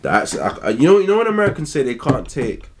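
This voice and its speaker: A man's voice: medium pitch, huge pitch swings, fast, a crowd in the background. A man, a guest on a casual reaction chat, blunt and laughing in disbelief.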